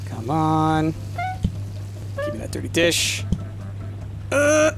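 A man's voice: a little high, huge pitch swings, takes it slowly. A man, hosting his own channel and giving frantic, exasperated solo commentary over a cooking game. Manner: frantic, exasperated, says "y'all". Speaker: gaming channel host.

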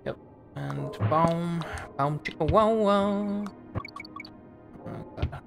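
A woman's voice: lowish voice, extremely slow, vocal fry. A woman streaming a game live, casually muttering and swearing at it as she plays. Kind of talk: casual gameplay commentary. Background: music playing.

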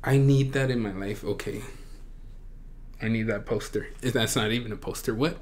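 A man hosting a reaction video, gushing with excitement and often breaking into shrieks and squeals. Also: lowish voice, moderate pace, slight background noise. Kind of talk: excited fan reaction commentary.

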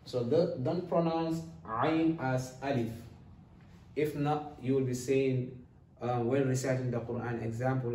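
A man teaching an Arabic lesson, patiently drilling each letter sound with slow repetition. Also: mid-range voice, fairly even intonation, mellow, recorded from a distance. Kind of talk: recorded lesson. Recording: echoey room, voice set back from the mic.

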